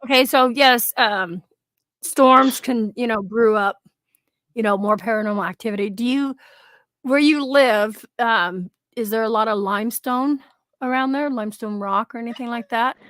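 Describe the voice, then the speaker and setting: A woman's voice: fairly high pitch, normal speed, fairly bright tone, dry recording. A woman hosting a casual podcast chat, asking short, curious follow-up questions.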